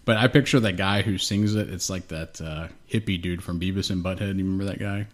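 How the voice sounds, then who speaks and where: A man's voice: sits low, brisk. A young man co-hosting a podcast, telling rambling stories in casual, heavily profane chat. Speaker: podcast co-host.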